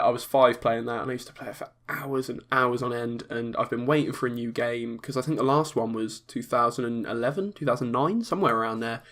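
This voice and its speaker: Chatty young male snooker podcaster. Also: medium pitch. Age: young adult. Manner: chatty and excitable, with frequent restarts and laughs. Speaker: podcast host. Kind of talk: casual solo podcast commentary.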